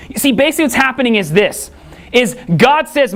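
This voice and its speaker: A male pastor preaching a sermon with animated, emphatic storytelling. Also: very high-pitched, a little fast.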